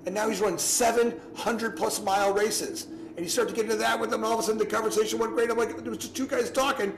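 A man giving casual advice to a class over a video call, animated and repetitive, often acting out his own past thoughts. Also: on the high side. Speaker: guest speaker. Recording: echoey room, faint noise.

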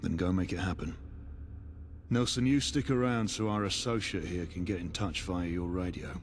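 An actor playing a calculating middle-aged crime boss in a video game, speaking in a measured, businesslike way. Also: male voice, sits low, a little hiss or hum. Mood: coolly threatening. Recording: reverberant game audio with faint ambience.

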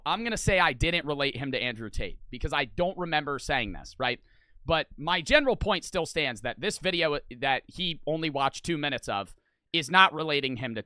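Young guy ranting on a reaction stream, bright kinda tense voice, dry close sound, keeps cussing and restarting. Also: on the high side, clean tone, no room sound. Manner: argumentative, rambling, swears a lot, many restarts. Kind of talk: reaction commentary.

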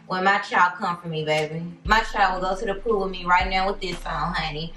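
A woman's voice: on the low side, steady tone, brisk, hardly any pauses, pushed and bright, a little hiss or hum. A woman chatting casually to her followers in a sassy, chatty way, calling them honey. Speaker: vlogger. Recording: roomy, from a distance.

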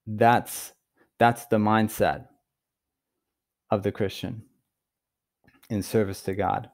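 A man giving an earnest Bible teaching, stressing key words and pausing for emphasis. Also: on the low side, fairly even intonation, darkish tone. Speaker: preacher.

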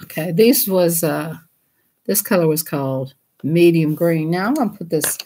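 A woman's voice: low voice, moderate pace, warm tone, a little hiss or hum. Giggly woman chatting while coloring. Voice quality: giggly, playful, breaks into silly voices. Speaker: coloring channel host. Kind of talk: casual chat while coloring.

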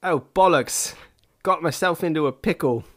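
A cheery, over-the-top mock-British gentleman, as a man puts him on with a deliberately poor British accent. The voice sits a little higher than usual and bounces along as a joke. It is plain talk, not a polished impression. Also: dry recording, studio quality. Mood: jokey. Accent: put-on British accent.

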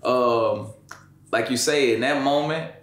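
A man's voice: medium pitch, slow pace, fairly bright tone, reverberant, a little hiss or hum. A man telling, with strong emotion, the story of his son's accident in an interview, in casual slangy speech. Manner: slangy, emotional, repeats "you know what I'm saying".

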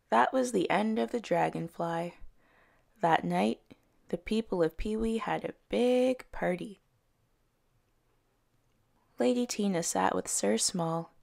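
Slow gravelly woman reading children's stories. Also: on the low side. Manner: slow, expressive read-aloud with soft character voices. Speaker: early years educator. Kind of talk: children's story time reading.

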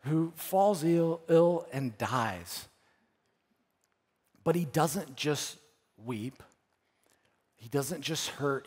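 Earnest slow preacher in a reverberant church. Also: male voice, fairly high pitch, husky. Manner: earnest, repeats phrases, swells then drops soft. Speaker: pastor. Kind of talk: sermon. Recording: church hall with long reverb.

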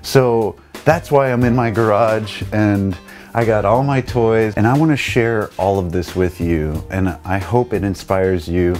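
Male vlog host, low voice, candid and earnest, garage setting, clip-on mic. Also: unhurried, a little mellow, faint music behind. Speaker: channel host. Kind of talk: casual vlog talk. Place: his garage. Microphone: wireless lapel mic.

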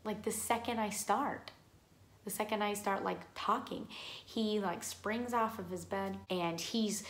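A woman's voice: mid-range voice, steady tone, a little slow. Chatty woman vlogger in an echoey room. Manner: rambling, heavy use of "like" and "um". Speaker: vlogger telling her own paranormal stories. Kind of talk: casual storytelling to camera.

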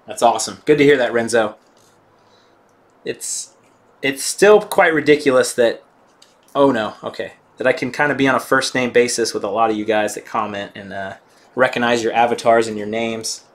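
A man's voice: medium pitch, normal speed. A man hosting a casual live stream while working on his bike, rambling and swearing casually as he reads chat aloud.

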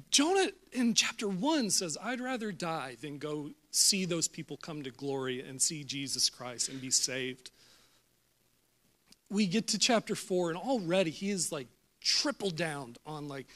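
Male pastor with a high voice, playful sermon delivery that acts out characters. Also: normal speed. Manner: animated, jokey, acts out Bible voices with laughs. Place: church service.

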